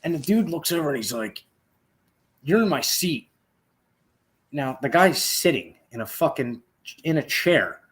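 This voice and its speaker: Profane, animated Philly storyteller man. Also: medium pitch, normal speed. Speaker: podcast host. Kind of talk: casual storytelling chat.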